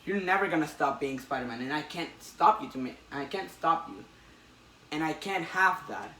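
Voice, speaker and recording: An earnest young woman pleading with her partner in halting bursts, voiced by a man in his own bright tone. The voice sounds roomy and a bit distant. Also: fairly high pitch, expressive, slight background noise.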